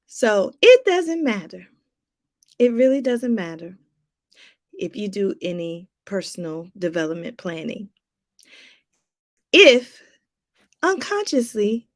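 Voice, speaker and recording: High-voiced woman life coach preaching. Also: very animated, measured pace, long pauses. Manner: preachy, repeats phrases for emphasis; talks straight to viewers with casual asides. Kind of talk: motivational talk to viewers.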